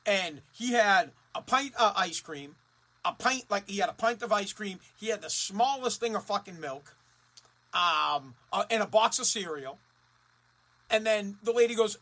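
A man from Massachusetts in a profane, heated rant who swears constantly, repeats himself and rises to shouting. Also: high voice, expressive, moderate pace. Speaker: ranting commentator.

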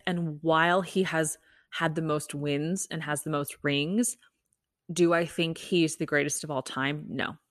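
A woman's voice: low-pitched, a bit bright, no echo, studio quality. A young adult woman hosting a podcast, ranting bluntly in a casual chat, swearing freely and saying "like" a lot. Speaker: podcast host. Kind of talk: casual opinion rant.

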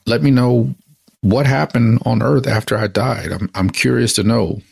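A man's voice: mid-range voice, moderate pace, vocal fry, slightly rough, no echo, voice pushed up. A man voicing an eager, curious woman who has just arrived in heaven, in a joke told during a sermon. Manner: excited, curious.

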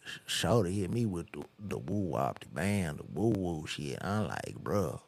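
A man's voice: low voice, sing-song, measured pace, vocal fry, pitched below the performer's own voice, full character voice. A man imitating a laid-back young male rapper who drawls his words in a slurred, mumbled way, heavy with fillers. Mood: drawling.

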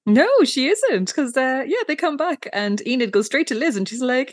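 A woman's voice: high-pitched, expressive, moderate pace, dry recording, studio quality. A woman co-hosting a casual recap chat, laughing often and acting out quoted lines. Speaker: podcast co-host.

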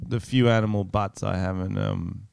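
A man's voice: on the low side, steady tone, moderate pace, creaky, a little mellow, clean tone, dry recording, studio quality. An Australian man co-hosting a podcast, teasing and laughing through casual comedic banter. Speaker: podcast co-host.

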